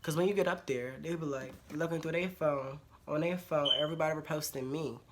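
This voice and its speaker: A vlogger speaking in a mid-pitched voice, giving blunt, slangy relationship advice straight to camera. They hammer points home by repeating phrases. Clear background noise runs under the home recording. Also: steady tone, fairly quick. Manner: informal slangy speech with swearing. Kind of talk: casual advice monologue to camera.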